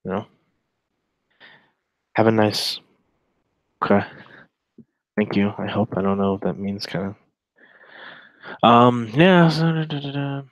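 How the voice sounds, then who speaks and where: A man's voice: on the low side, steady tone, normal speed, long pauses, no room sound, highs cut off. A man in his twenties giving casual, rambling reaction commentary while reading a chat log, with sarcastic asides.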